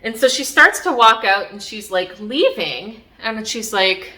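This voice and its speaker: A woman's voice: on the high side, expressive, a little slow, hardly any pauses, bright, forceful tone. A woman vlogger telling a personal story in a casual, rambling way, full of fillers. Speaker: spiritual vlogger.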